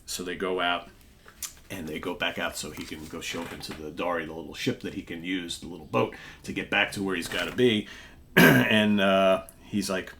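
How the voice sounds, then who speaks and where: A man with a very low voice hosts a casual comic book review, retelling old stories in a chatty, rambling way. A faint hiss sits behind him. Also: fairly even intonation, moderate pace, a bit bright. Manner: chatty, recounting stories with filler words. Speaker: comic book show host.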